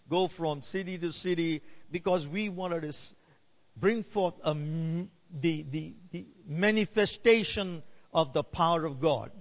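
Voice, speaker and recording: A male pastor preaching a sermon, building to emphatic cries. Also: a little high. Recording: dull sound in a reverberant hall.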